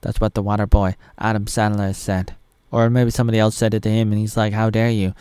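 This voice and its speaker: Man, 30s, from Oregon, self-mocking solo vlog rant, low smooth voice. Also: level tone, fast talker, dark tone, no echo. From Oregon, USA. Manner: self-mocking, digressive, with pop-culture asides. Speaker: vlogger.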